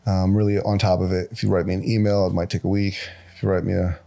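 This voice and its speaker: A man's voice: low voice, quick pace, vocal fry. A man in his forties, a guest tattoo artist, telling stories in casual podcast talk and acting out quotes with a raised voice. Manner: animated, acts out quotes with raised voice.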